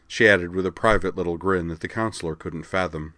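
A man narrating a story aloud in an even, measured way. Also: deep voice, dry recording. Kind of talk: audiobook narration.

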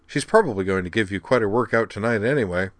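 A man's voice: fairly low pitch, animated, fast, no echo, close to an everyday voice. Breezy cheeky pilot woman, put on by a man. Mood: breezy teasing. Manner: teasing, breezy.

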